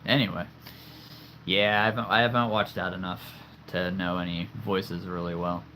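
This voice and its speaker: A man in his thirties livestreams casually from home, showing his figure collection in a room of toy figures and frequently laughing at himself as he rambles. His voice is low-pitched with little pitch movement, pushed and bright, at a normal speed, and there is a little hiss or hum.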